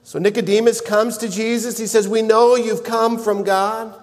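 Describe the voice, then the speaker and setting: A man preaching a sermon, earnest and measured, building to emphatic shouts at key points. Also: high-pitched, little pitch movement, big-room sound. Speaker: pastor.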